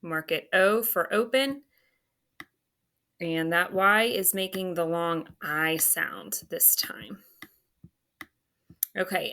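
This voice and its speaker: Bright, slow-paced woman teaching phonics. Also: on the low side. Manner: patient, spells words letter by letter; self-talk while writing on screen. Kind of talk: phonics lesson walkthrough.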